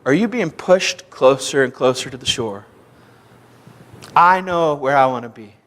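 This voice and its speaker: A young adult man from Kansas preaching a sermon, telling a story and acting out dialogue with shouts and laughs. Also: medium pitch, expressive, measured pace. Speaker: pastor. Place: church sanctuary. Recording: long hall reverb in a church.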